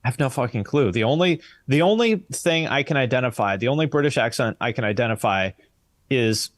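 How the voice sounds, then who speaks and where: A man's voice: mid-range voice, lively intonation, fairly quick, no room sound. Blunt, sardonic American man, dry sound. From United States. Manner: blunt, sardonic, swears casually. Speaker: podcast guest. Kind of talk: casual chat.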